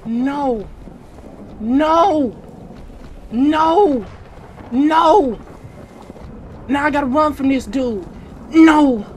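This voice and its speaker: A gamer giving casual, slang-filled commentary on a horror game, panicking, repeating short exclamations and breaking into shouts. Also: high-pitched, very slow, pauses often, slight background noise.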